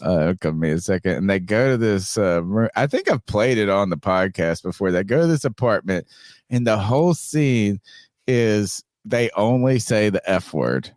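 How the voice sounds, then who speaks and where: A male podcast host talks in a low, very animated voice, laid-back and storytelling. The sound is close and dry. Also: normal speed, no room sound. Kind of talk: casual chat.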